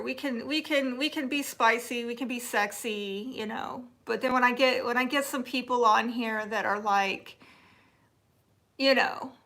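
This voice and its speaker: A Texas woman with a Southern accent hosts a casual live chat and reads her viewers' comments aloud. Her voice is bright and fairly high, and she takes her time. She teases and jokes with an easy laugh. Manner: chatty and teasing, laughs often, drops to soft asides. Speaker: livestream host reading viewer chat.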